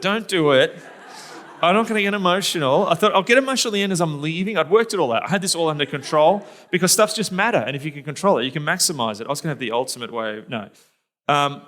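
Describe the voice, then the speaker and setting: A man's voice: on the high side, fairly bright tone. A middle-aged man preaching a sermon as a pastor, telling a personal story in a conversational, reflective way with fillers and restarts.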